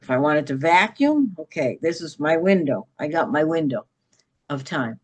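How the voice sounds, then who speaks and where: A woman's voice: low-pitched, lively intonation, moderate pace. A middle-aged woman, a podcast guest, telling a personal story with emphasis and often checking in with "okay?".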